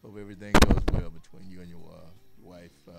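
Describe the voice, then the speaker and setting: A man's voice: sits low, flat delivery, quick pace, very noisy. A man hosting a radio show, chatting loosely with guests and joking between laughs. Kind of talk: casual radio chat.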